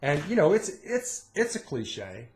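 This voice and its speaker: A man's voice: a little high, a little slow, a little hiss or hum. A middle-aged man co-hosting a casual chat, telling stories and acting out what people said. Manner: animated storyteller, acts out quotes. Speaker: podcast co-host.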